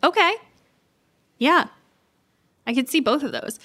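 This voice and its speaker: Bright-voiced woman co-hosting a book podcast. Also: high voice, lively intonation, measured pace. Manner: thoughtful, many restarts and "like"s. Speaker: podcast co-host. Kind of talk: casual book chat.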